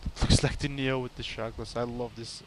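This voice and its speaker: A man's voice: medium pitch, level tone, moderate pace, very noisy. A man whose first language is Dutch, chatting casually and thinking aloud as he runs cockpit checks while streaming a flight simulator. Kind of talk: casual gameplay commentary.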